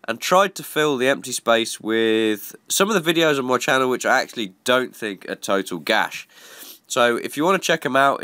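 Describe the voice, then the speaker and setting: A man's voice: medium pitch, sharp tone, dry recording. A man with a congested cold voice, giving chatty, self-mocking gameplay commentary. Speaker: gaming YouTuber.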